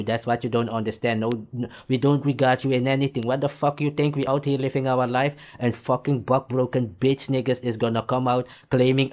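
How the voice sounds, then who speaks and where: A male commentator delivering a heated, profane rant between clips, firing off repeated rhetorical questions. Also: mid-range voice. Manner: angry, repetitive rhetorical questions.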